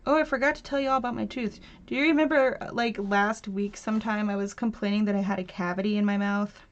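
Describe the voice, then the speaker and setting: A woman's voice: medium pitch, steady tone, fast talker. A woman in her thirties hosting a casual craft livestream from home, chatting and laughing with viewers and reading their comments aloud. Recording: dull lo-fi stream audio.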